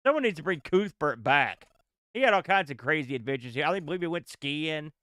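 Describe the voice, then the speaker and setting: Guy streaming old computer games, yelping and laughing a lot, high-ish bright voice, dry close mic. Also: brisk, no echo. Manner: excitable, yelps and groans at the game, laughs often. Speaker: streamer playing retro games. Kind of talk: excitable live gameplay commentary.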